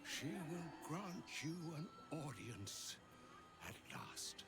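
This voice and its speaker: An actor playing an ancient, wise male wizard in a video game, speaking to a younger mage as a cryptic mentor with a gravelly, measured delivery. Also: on the high side, huge pitch swings, heavily acted. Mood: solemn counsel. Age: older. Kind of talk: game voice acting. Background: game music.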